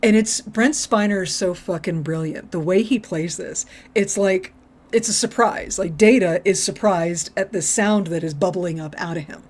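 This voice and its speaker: A woman's voice: fairly low pitch, moderate pace, darkish tone. Woman co-host, casual recap chat, enthusiastic and profane, laughs a lot. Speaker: podcast co-host.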